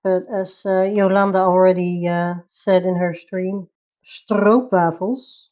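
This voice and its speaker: A Dutch woman chats her way through a coloring live stream at an unhurried pace, reading chat aloud and laughing easily. Her voice sits low and mellow. The sound is a little dull and lo-fi. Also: flat delivery. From Netherlands. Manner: chatty, reads chat aloud, laughs often.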